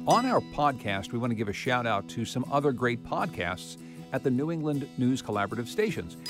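A man hosting a public radio podcast, reading scripted segments and interviewing a guest in a measured, conversational way. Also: medium pitch, big pitch swings, music in the background.

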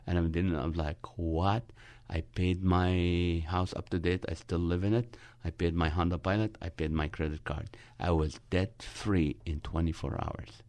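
Male comedian guest, very low voice, dry close studio sound, animated storyteller. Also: unhurried, no echo. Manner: animated storyteller, acting out dialogue. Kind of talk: storytelling with humor in a radio interview.

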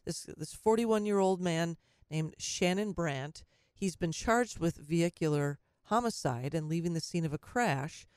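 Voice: medium pitch, a little slow, darkish tone, clean tone, dry recording, studio quality. A talk radio host delivering an opinionated monologue, sarcastic and often stumbling and restarting mid-sentence.

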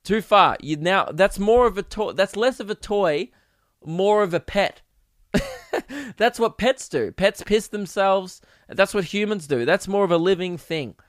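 This young podcast host speaks in a high, expressive voice at a slightly slow pace, telling rambling, profane, funny stories alone in a casual chat. He's recording from a home podcast setup, and the sound is studio quality with no room sound at all.

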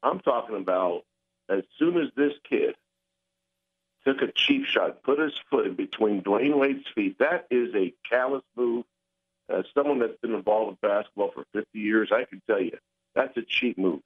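An older male caller argues his case with passion and insistence. His voice sits fairly low. It comes through a tinny phone line. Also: normal speed, husky.

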